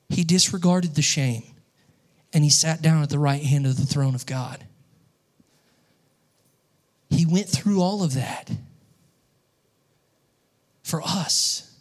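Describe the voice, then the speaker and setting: A young man preaching a sermon, telling stories and getting louder and more animated as he acts out scenes. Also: a little high, unhurried. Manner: storytelling, grows excited and loud when acting out scenes.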